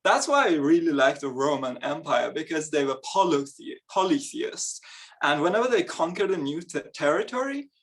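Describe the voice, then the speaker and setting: A man's voice: fairly high pitch, big pitch swings, normal speed, a bit bright. A young man performing a stand-up comedy set, chatty and self-mocking, laughing between his lines. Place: live comedy event on stage.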